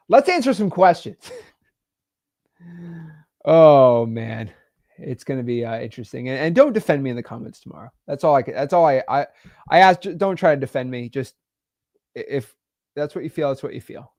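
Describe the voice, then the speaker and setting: A young man hosting a live stream, talking emotionally and haltingly, repeating words and sighing. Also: medium pitch, lively intonation, dry recording, clean studio sound. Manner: halting, repeats words, sighs, swings between loud and quiet.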